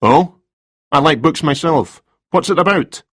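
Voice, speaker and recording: A man voicing a stern male police detective who questions in short, clipped lines, with a husky voice. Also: a little high, expressive, a little slow, fairly bright tone, no room sound, studio quality, voice pushed up, heavily acted. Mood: probing.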